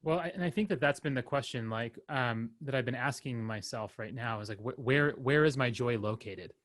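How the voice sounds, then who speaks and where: A young man talks on a podcast in a loose, rambling way, stopping and restarting his thoughts and tossing in wry jokes at his own expense. His voice sits at an ordinary middle pitch. The sound is dry and close, with no room echo. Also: fairly bright tone. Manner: rambling, halting with many fillers and restarts; wry, self-deprecating humor. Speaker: podcast co-host. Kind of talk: casual chat.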